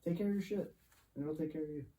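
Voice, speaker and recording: Blunt podcast guest in echoey room. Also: male voice, on the high side, very fast, mellow. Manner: blunt, short punchy answers. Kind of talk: casual chat. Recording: echoey room, mic at a distance.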